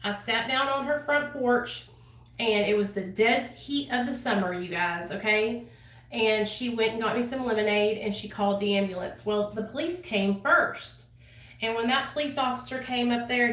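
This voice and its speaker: A woman's voice: fairly high pitch, moderate pace, fairly bright tone. A woman telling her own story to camera in a casual, blunt way, swearing freely and using many fillers. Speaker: channel host sharing her recovery story. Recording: echoey room, voice a bit far from mic.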